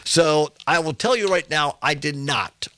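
A male radio talk show host speaking slowly and carefully, his mouth still numb from dental anesthetic, with self-deprecating humor. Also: on the high side, sharp tone, no echo. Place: radio studio. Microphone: studio microphone.

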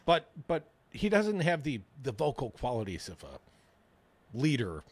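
A man's voice: medium pitch, a little slow, no room sound. A man hosting a radio talk show, joking around in casual banter. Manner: lively, jokey, mock-whiny impressions.

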